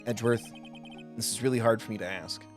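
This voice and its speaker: A man voicing a smitten young male defense attorney in a low, mumbling, mock-romantic way. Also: fairly even intonation, fast talker, faint music behind, natural voice. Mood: longing.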